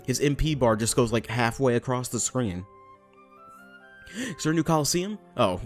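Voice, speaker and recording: A young man rambles through casual commentary while playing a game, drifting from joke to joke and swearing offhandedly. His voice sits at an ordinary, middle pitch, with game music playing faintly underneath. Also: fast. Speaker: let's play commentator.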